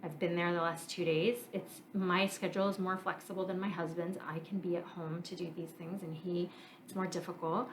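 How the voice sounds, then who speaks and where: A woman in her thirties hosting a solo podcast, talking earnestly and reflectively, working through her feelings out loud with frequent fillers. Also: lowish voice, little pitch movement, moderate pace, a little hiss or hum, poor audio. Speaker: podcast host. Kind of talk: candid solo podcast monologue.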